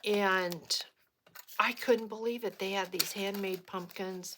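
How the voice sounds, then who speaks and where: Slow, chatty woman telling stories. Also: mid-range voice. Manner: chatty storytelling, lively quoted voices. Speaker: crafting vlogger. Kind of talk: casual chat while crafting. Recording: noticeable background noise.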